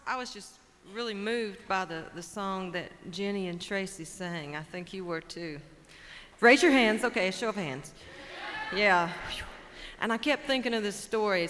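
A Cajun woman from Louisiana, storytelling and emceeing live on stage in a lively, folksy way, with a Cajun accent. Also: medium pitch, a little hiss or hum. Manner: lively, folksy, warmly engaging the audience. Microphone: stage microphone. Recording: long hall reverb from a live stage.

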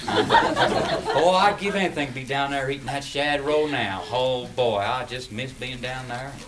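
A man's voice: mid-range voice, unhurried, lightly acted. A man doing a homesick South Carolina country boy. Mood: wistful. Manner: folksy, rural, wistful. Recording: distant mic with clear noise.

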